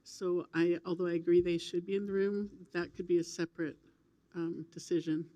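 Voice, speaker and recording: A man speaking from the floor of an assembly as a regional president, plain and steady. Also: high-pitched, moderate pace.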